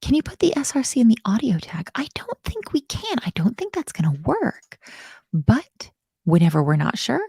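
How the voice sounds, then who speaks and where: A woman's voice: fairly high pitch, wildly swooping pitch, normal speed, vocal fry, dark tone, husky, dry recording. A woman teaching web coding live, bubbly and self-mocking, often murmuring half-whispered asides. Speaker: coding instructor.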